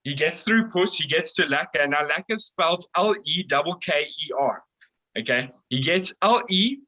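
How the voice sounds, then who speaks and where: A young man from South Africa tells a rowdy tour story as a podcast guest, laughing and swearing along the way. His voice sits a little high and sounds bright and forceful. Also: normal speed, rough recording. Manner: excitable, swears a lot, laughs often. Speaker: band vocalist, guest. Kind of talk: casual storytelling.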